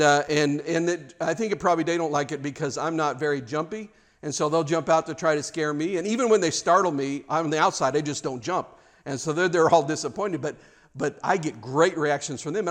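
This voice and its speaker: A middle-aged man delivers a sermon in a loose, conversational way. His voice sits high for a man, and he slips into animated little performances of the people in his story. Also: brisk. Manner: chatty, animated, acts out quotes. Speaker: pastor.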